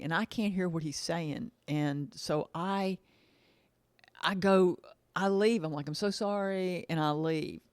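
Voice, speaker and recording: A woman's voice: sits low, a little mellow, no echo. A woman casually telling a rambling story, repeating herself and acting out the dialogue she quotes. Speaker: vlogger.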